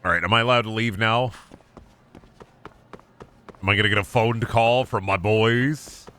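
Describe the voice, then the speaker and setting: A man streaming a video game, commenting loudly and goofily, swearing and breaking into yells. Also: fairly low pitch, steady tone, unhurried, a little hiss or hum. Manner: loud, goofy, swearing, bursts into yelling. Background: game music.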